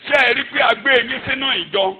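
Fervent Nigerian preacher man, quick and high. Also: slightly rough, narrow, tinny audio. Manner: fervent preaching, repeating words for emphasis. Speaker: pastor. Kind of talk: sermon in Yoruba with English phrases.

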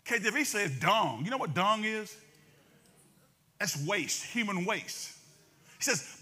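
A man preaching a sermon as pastor, talking fast and calling out to the congregation. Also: high voice, animated, pushed and bright.

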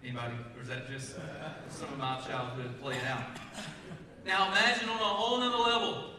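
A pastor from Texas delivering a conversational sermon, asking the congregation questions and reading scripture in a church sanctuary. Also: male voice, mid-range voice, little pitch movement, fairly quick, a crowd in the background. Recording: echoey church hall, mic from a distance.

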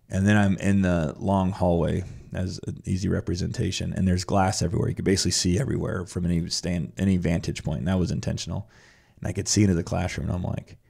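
Low gravelly man telling a blunt story. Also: warm tone. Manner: blunt and profane, acts out his own past reactions. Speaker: podcast guest telling his story. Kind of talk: casual storytelling conversation.

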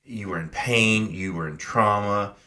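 Deep-voiced, bright-toned man podcast host. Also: measured pace. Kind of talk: casual podcast conversation.

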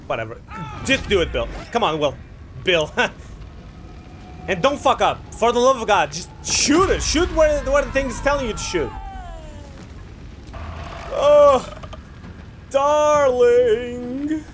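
A man giving casual let's-play commentary while he games, excitable, profane and often exasperated. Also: high voice, normal speed, slight background noise. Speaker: gaming video host.

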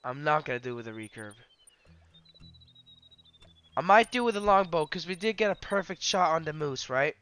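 Bright-voiced excited gaming streamer man. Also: a little high, normal speed, long pauses, soft background music. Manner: excitable, yelling in bursts then whispering to prey. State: hyped and emotional. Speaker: game streamer. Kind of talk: live gaming commentary.

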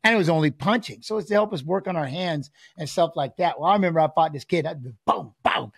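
A man's voice: a little high, fast talker, vocal fry, breathy edge, no echo, clean studio sound. A man telling stories in casual chat, acting out what people said. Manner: animated, acts out quotes from his stories. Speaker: guest. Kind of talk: casual storytelling.

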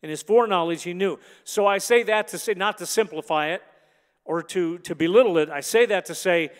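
A man preaching a sermon as pastor, moving from quiet, halting reflection to emphatic, rising delivery. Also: high voice. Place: large church hall. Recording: long hall reverb.

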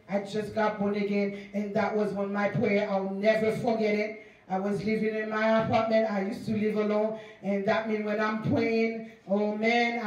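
A woman pastor preaching a sermon, animated and repetitive, acting out little dialogues to drive her point home. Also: mid-range voice. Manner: animated, acts out dialogues, repeats phrases for emphasis. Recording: very echoey hall, voice from far off.

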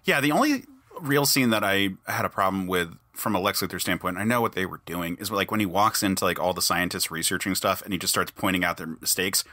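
A man's voice: low-pitched, a little fast, pushed and bright, no room sound, studio quality. A man hosting a podcast, talking casually and enthusiastically in a rambling way with many restarts. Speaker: podcast host.

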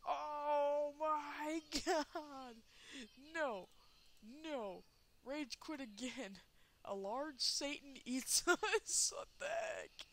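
A woman giving let's play commentary, excitable, laughing and shrieking, cursing at the game. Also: high voice, drawn-out words. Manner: swears and exclaims at the game. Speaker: gameplay commentator.

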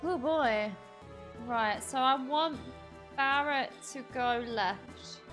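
A woman streamer giving excited, gushing let's-play commentary, reacting aloud to the game. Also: high voice, very slow, faint music behind. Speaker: gaming streamer.

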